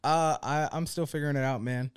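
A man's voice: on the high side, steady tone, a little fast, smooth, dry recording, clean studio sound. A man co-hosting a podcast in casual chat, laid-back and slangy, often calling his friends "man". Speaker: podcast co-host.

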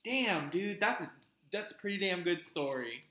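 A man co-hosting a podcast, chiming in with teasing questions and quick remarks. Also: high-pitched, expressive, sharp tone, reverberant, rough recording. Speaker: podcast co-host. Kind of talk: casual podcast chat.

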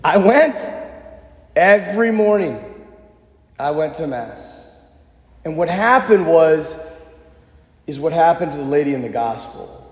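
A man in his thirties, a pastor preaching a sermon, telling a personal story in a relaxed conversational way with self-deprecating humor. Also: fairly high pitch, unhurried, pauses often. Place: church. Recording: echoey church with long reverb.

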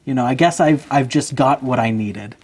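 A calm former cowboy speaks softly and without hurry, resigned and at peace, quoted by a man in his own husky voice. His tone stays level and unforced. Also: medium pitch, moderate pace, close to an everyday voice.

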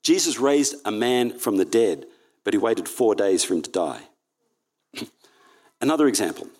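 A man's voice: lowish voice, sing-song, moderate pace, a little mellow. A man preaching a sermon in church, reading Bible passages aloud and correcting himself as he goes. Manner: earnest, reads Bible passages aloud, frequent self-corrections.

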